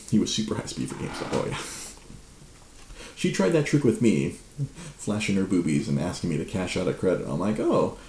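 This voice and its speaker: Gravelly man spinning a rambling story. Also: low voice, brisk, long pauses, echoey room, slight background noise. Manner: rambling, frequent restarts, laughs, lively. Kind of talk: casual storytelling to a live chat.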